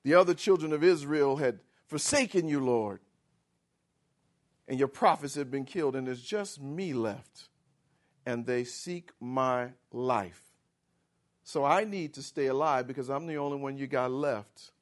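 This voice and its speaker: A man's voice: medium pitch, measured pace, voice pushed down, lightly acted. A man playing a prophet who brags and then pities himself, in a sing-song, self-important voice. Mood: self-pitying. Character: boastful self-pitying male prophet, middle-aged.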